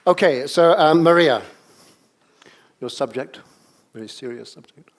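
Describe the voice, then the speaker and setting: A man's voice: on the high side, a little slow, pauses often. A man leading an improvisation exercise in front of a live audience, coaxing people and calling out to them. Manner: energetic, coaxing, calls out to the audience. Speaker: workshop leader. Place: seminar room with a live audience.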